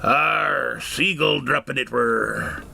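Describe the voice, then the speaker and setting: Man putting on a gruff old pirate. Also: medium pitch, sharp tone, exaggerated voice. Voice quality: growling pirate talk. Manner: slow, drawling. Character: gruff old male pirate, peg leg and hook.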